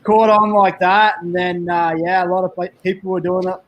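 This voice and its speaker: A man's voice: high-pitched, little pitch movement, normal speed, highs cut off. A man with an Australian accent chatting casually as a podcast guest, laid-back and upbeat, with surfer slang. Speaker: podcast guest, backcountry snowmobiler. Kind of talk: casual chat.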